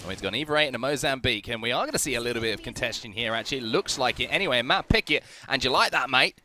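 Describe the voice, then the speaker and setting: Fast bright-voiced male esports caster. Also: mid-range voice, lively intonation, slight background noise. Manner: upbeat, hyping the audience. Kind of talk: play-by-play commentary.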